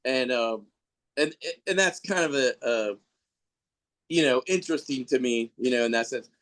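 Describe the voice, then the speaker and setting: A middle-aged man, a podcast guest, chats casually and rambles through stories, laughing often and mimicking people when he quotes them. His voice is medium-pitched and fairly bright, at normal speed.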